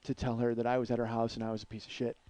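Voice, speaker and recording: A man's voice: mid-range voice, monotone, very fast, noisy background. A man in his forties, host of a comedy podcast, telling a long story aloud with a rambling, profane delivery full of filler words. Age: 40s.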